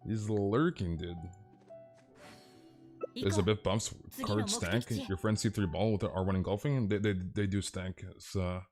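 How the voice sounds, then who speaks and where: A man's voice: fairly low pitch, measured pace, a little mellow, soft background music. A man streaming a game live, chatting casually with playful, teasing banter and calling viewers dude.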